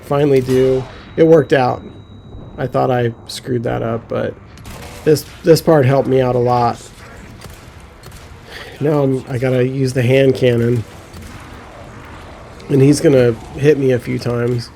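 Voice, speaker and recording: A man giving casual gameplay commentary, excitable, often laughing and swearing when he gets frustrated. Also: mid-range voice, measured pace, vocal fry, long pauses, a little hiss or hum. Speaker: gaming commentator.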